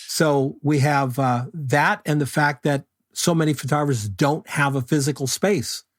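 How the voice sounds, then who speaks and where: An older man, a photography guest, telling stories in a relaxed, unhurried interview chat. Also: on the high side. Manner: unhurried anecdotal storyteller.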